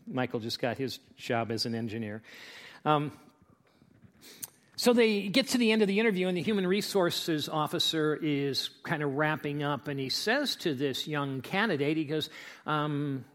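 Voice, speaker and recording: Male pastor, joke-telling sermon, a bit high-voiced, loose storyteller. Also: normal speed. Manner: chatty storyteller, restarts and fillers, lively delivery. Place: church.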